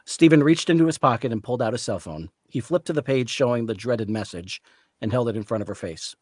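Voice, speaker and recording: A man reading the narration of a story aloud at a live reading, in a steady storytelling manner. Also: medium pitch, fast, dry recording, clean studio sound. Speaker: reader, narrator.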